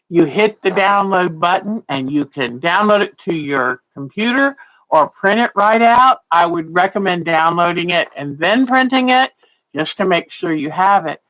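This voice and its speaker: A woman's voice: mid-range voice, lively intonation, unhurried, fairly bright tone, low-quality recording. A woman in her sixties, a quilting teacher on a casual livestream, chatty and laughing often, a little tired and yawning. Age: 60s.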